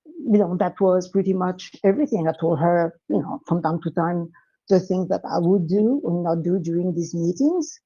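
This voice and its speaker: A young woman from France with a French accent, chatting as a guest and often pausing with fillers. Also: lowish voice, dark tone, slightly rough, dull audio. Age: young adult. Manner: hesitant, full of fillers. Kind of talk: casual chat.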